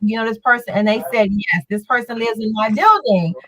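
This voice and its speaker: A woman on a call-in show, telling stories in an animated way and acting out what people said. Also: a little high, brisk, no room sound. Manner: animated storyteller, acts out quotes. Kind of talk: casual call-in show talk. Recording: muffled remote line with faint noise.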